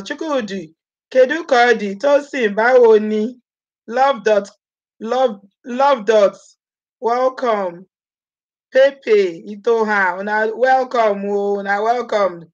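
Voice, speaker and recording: Hosting a live vlog, a Nigerian-accented woman from Edo State calls out viewers by name and drifts into Pidgin. She has a fairly high-pitched voice, and the sound is lo-fi.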